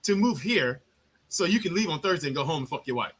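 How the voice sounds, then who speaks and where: Male army veteran storyteller, high and sharp-toned, salty and animated, acts out the dialogue. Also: fast talker, slightly rough. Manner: profane, animated, acts out other people's lines. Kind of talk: casual storytelling on a live chat.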